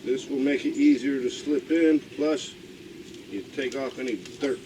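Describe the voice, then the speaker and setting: A man's voice: medium pitch, a little slow, warm tone, a little hiss or hum, low-quality recording. An older man narrating a casual do-it-yourself pool repair outdoors, grumbling and talking to himself as he works. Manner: folksy, grumbling, talks to himself while working. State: out of breath at times. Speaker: DIY video host. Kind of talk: casual how-to vlog narration.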